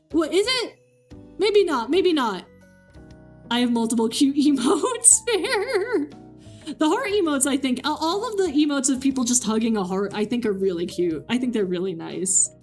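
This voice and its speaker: A high-pitched young woman chats loosely with her stream audience, reading messages aloud and slipping into quoted voices as she tells a story. She laughs often between lines. Faint music plays in the background. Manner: chatty, reads chat aloud, laughs often, acts out quotes. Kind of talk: casual chat.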